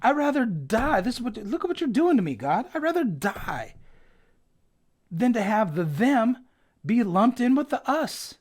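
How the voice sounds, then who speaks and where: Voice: mid-range voice, very animated, a little slow, a little mellow, pitched above the performer's own voice. A teacher putting on a sulking, whiny Jonah. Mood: whining. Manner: whiny, exaggerated tantrum. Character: sulking prophet Jonah, angry adult man, melodramatic. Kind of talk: acted scripture quotes in a Bible lesson.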